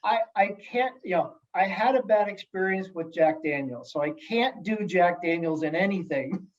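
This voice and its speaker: A man speaking as a guest in casual podcast chat, telling stories in an animated, jokey way with many restarts. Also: high voice, moderate pace, highs cut off. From United States. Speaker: guest, sales executive and elected official.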